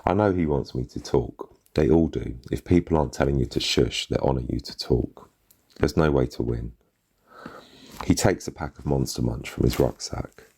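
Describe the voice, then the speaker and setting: Brief: adult man narrating a first-person story in street slang, voice very low and husky, bitter. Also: normal speed, darkish tone.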